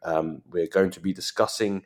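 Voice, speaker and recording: Deep-voiced podcast host, rambling. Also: male voice, fairly even intonation, a little mellow. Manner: rambling, halting with fillers and restarts. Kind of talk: casual podcast chat.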